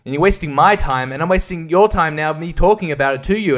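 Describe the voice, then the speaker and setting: A man's voice: on the high side, fast, fairly bright tone. A man giving a casual, sweary, sarcastic album review, often laughing at his own jokes. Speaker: music reviewer.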